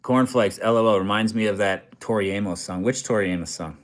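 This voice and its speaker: Man, from Canada, young adult, slightly low voice, casual rambling livestream chat, tired, self-deprecating. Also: brisk. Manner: loose, self-deprecating, rambling with many fillers. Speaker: true crime comedy channel host. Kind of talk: casual livestream chat reading viewer comments. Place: hotel room.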